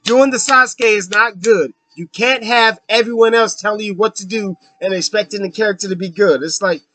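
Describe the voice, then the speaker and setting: A man rants through a casual book review in a high, bright, cutting voice. He swears freely and stumbles through fillers as he works out his points. The sound is close and dry, with no room around it. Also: normal speed, no room sound, faint music behind. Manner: ranting, profane, with frequent fillers.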